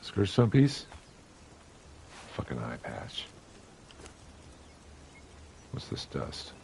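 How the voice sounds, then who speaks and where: A man's voice: extremely low pitch, huge pitch swings, very slow, creaky, noisy background. A man giving casual, rambling, profane commentary while playing a game, with wry asides. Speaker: gamer. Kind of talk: casual let's play commentary.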